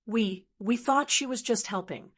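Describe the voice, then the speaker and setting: A woman's voice: a little high, measured pace, fairly bright tone, slightly rough. A woman voicing a flustered older mother-in-law who cries out and pleads. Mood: pleading. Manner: crying out, pleading.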